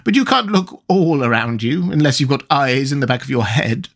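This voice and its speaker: A man's voice: mid-range voice, animated, moderate pace, a bit bright. A man voicing a tart old female sheep who keeps a shop, in an audiobook, speaking dryly and without hurry. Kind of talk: audiobook character voice.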